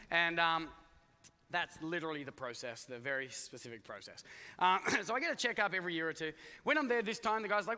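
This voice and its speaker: The pastor, a middle-aged Australian man, speaks in a high-sitting, bright, forceful voice. His conversational sermon, full of jokes and asides to the congregation, was recorded in an echoey church hall.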